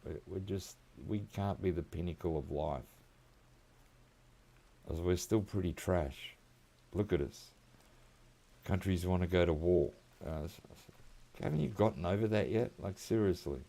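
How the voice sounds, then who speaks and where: Deep gravelly Australian man rambling. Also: unhurried, long pauses, dark tone. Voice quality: laid-back rambling, chuckling often, slang like mate and reckon. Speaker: gaming streamer. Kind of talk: casual gameplay chat.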